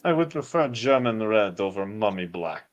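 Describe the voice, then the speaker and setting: A man voicing a gruff male war veteran with a put-on Russian accent and a gravelly voice. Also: on the low side, sing-song, normal speed, voice pushed down. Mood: haughty.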